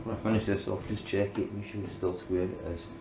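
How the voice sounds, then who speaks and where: A man's voice: lowish voice, level tone, fast talker, reverberant, heavy background noise. Chatty man muttering through workshop jobs. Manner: chatty, talks himself through each step, often muttering under his breath. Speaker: DIY woodworking vlogger. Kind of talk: casual workshop demonstration.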